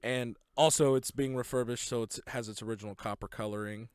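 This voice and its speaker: Excited young man gushing over a film. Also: mid-range voice, brisk, clean tone, dry recording, studio quality. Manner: excited, retells scenes with laughs. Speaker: podcast co-host. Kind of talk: casual movie review chat.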